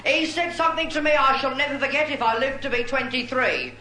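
A man's voice: very high-pitched, fairly quick, sharp tone, full character voice. A man voicing a bawdy, aging showgirl, chatting in camp asides in a stand-up drag comedy act. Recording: roomy club recording with crowd noise.

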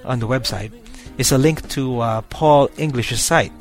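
A man's voice: medium pitch, moderate pace, faint music behind. A man hosting a podcast, talking casually to his listeners with many fillers and restarts. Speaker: podcast host.

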